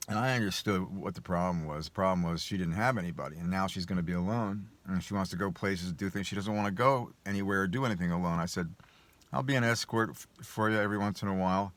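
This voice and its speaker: A man's voice: deep voice, fairly bright tone, dry recording. A man telling a personal story in a casual monologue, rambling and hesitant with many restarts. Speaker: vlogger.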